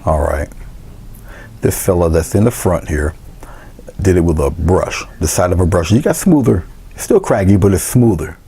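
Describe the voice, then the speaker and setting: Low gravelly man demonstrating painting. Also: moderate pace. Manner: relaxed, talks through each step, trails into quiet asides. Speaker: painting instructor. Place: indoor studio.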